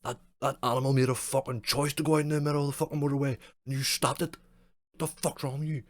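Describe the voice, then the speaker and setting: A man's voice: medium pitch, level tone, quick pace, voice pushed up, lightly acted. A man voicing a furious male online commenter who rants indignantly and swears. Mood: outraged.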